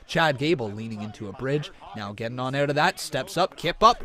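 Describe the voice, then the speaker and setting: A man doing live reaction commentary on a wrestling show, screaming and cheering at big moves and chatting calmly with viewers in between, over a cheap microphone. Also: medium pitch, brisk, few pauses. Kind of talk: excited live play-by-play commentary and chat.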